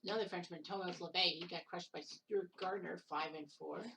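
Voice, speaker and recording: This woman's lowish, gravelly voice sounds pushed and bright, with fairly even intonation and a fairly quick pace. As solo commentator for a simulated golf match-play event, she covers results casually, cracking jokes, correcting mixed-up names, and occasionally swearing. There's a distant mic and a little hiss or hum.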